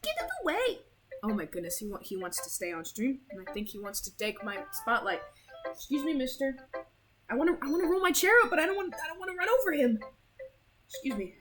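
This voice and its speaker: A woman's voice: a little high, lively intonation, fast talker, fairly bright tone, soft background music, low-quality recording. A young woman streaming a game, chatting in a playful, giggly, rambling way. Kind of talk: casual live-stream chat while playing a game.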